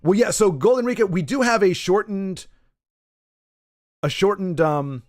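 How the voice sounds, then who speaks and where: A man talks to his stream chat while playing, his voice sitting a little higher than most men's. He rambles, restarts his sentences and drops in jokey asides. The sound is dry and close, with no room around it. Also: animated, measured pace, no echo. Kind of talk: casual live-stream chat while gaming. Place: in Texas.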